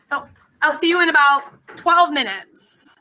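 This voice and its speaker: A woman lecturing a class in a loose, conversational way, often stopping for an um or an uh. Her voice is very bright and sits a little high. It is picked up from across a classroom. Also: expressive, a little slow, distant mic, a little hiss or hum, rough recording. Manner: chatty, loose, with frequent ums and uhs. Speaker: instructor.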